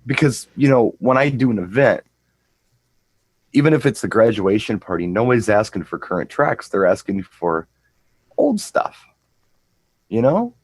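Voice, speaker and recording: Low-voiced man telling a rambling story. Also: sing-song, moderate pace, long pauses, darkish tone, breathy edge, no room sound, low-quality recording. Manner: rambling, repeats words, anecdotal. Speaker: co-host and DJ. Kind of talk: casual chat, storytelling.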